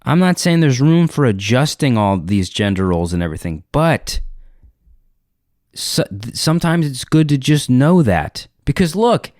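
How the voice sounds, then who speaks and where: A man's voice: mid-range voice, moderate pace, no room sound, studio quality. A man, a comedian, telling a rambling comic story with profanity and acted-out dialogue. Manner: animated, profane, acts out dialogue in character voices.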